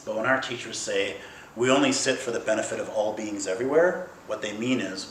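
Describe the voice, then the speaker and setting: A man giving a playful, emphatic dharma talk as a Zen teacher, swinging between loud bursts and soft, slow passages. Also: on the low side, fairly even intonation, a little hiss or hum. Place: meditation hall at a Zen center. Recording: roomy hall with faint ambience.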